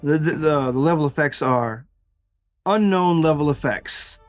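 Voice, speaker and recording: Rambling, fairly high-voiced male game master. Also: a little slow, soft background music. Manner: rambling, laughs often, many fillers. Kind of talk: narrating a tabletop game.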